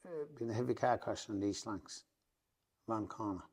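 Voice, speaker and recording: A man's voice: on the low side, normal speed, darkish tone, breathy edge. A middle-aged man with an Irish Traveller accent, a podcast guest telling a long story in a rambling way and swearing over and over that it's true. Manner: rambling, repeats oaths of truth. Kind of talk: emotional storytelling.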